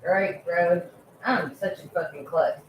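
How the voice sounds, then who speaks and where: A woman's voice: on the low side, slow, roomy sound, slight background noise, rough recording. A woman hosting a casual live stream, loose and swearing freely while she chats with viewers and fusses over her pets. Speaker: livestream host.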